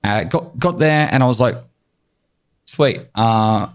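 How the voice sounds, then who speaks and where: A man co-hosting a casual podcast, telling animated stories and swearing freely. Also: medium pitch, slow, clear, resonant tone. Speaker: podcast co-host.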